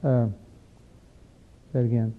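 A man's voice: medium pitch, level tone, measured pace. A man leading an interactive Bible study, teaching emphatically and asking the group questions as he goes. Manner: emphatic, questions the group, rises when stressing points. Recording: tinny phone-like recording.

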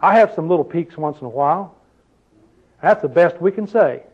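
High-voiced older man preaching a sermon. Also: lively intonation, normal speed, darkish tone, slightly rough. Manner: conversational preaching with rhetorical questions. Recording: dull lo-fi recording.

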